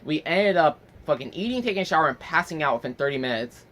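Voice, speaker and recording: A man's voice: a little high, fast. A young man telling a rambling story as a casual vlog, swearing freely and acting out the people in it. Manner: animated, rambling with fillers. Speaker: vlogger.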